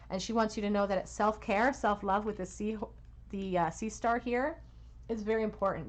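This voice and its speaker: A woman giving a pick-a-card tarot reading at home, soothing and reassuring, with soft laughs. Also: medium pitch. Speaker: tarot reader.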